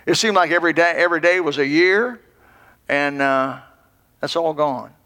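A man's voice: a little high, moderate pace, sharp tone. A man in his sixties, a pastor giving a folksy, rambling sermon full of restarts. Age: 60s. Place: church. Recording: long hall reverb.

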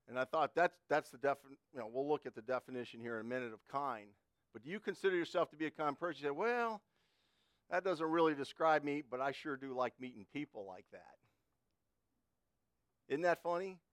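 A man's voice: fairly high pitch, a bit bright, clean tone, dry recording, studio quality. Folksy middle-aged man preaching. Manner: folksy, conversational, repeats and restarts words. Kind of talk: sermon with personal storytelling.

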